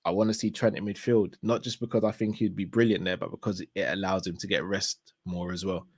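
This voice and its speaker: A man hosting a casual live stream, reading out viewer messages in a relaxed, slangy way and giving shout-outs. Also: low voice, a little fast, husky, no echo, studio quality.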